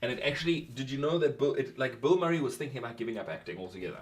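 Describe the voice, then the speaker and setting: A man's voice: mid-range voice, lively intonation, racing. A man co-hosting a casual movie podcast, leading the list and explaining film trivia. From Canada. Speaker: podcast co-host. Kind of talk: casual chat.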